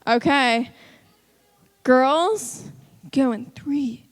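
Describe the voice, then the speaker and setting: Upbeat kids' church leader, woman, high voice, coaxing. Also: moderate pace, fairly bright tone. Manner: upbeat, coaxing, calls out countdowns. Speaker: children's ministry leader. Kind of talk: leading a kids' church lesson. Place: children's church room.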